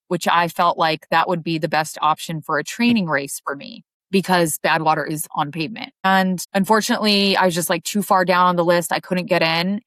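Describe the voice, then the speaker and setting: A woman's voice: on the low side, fairly bright tone, dry recording. A woman ultrarunner chatting casually as an interview guest, her speech full of "like" fillers. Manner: chatty, heavy use of "like" fillers.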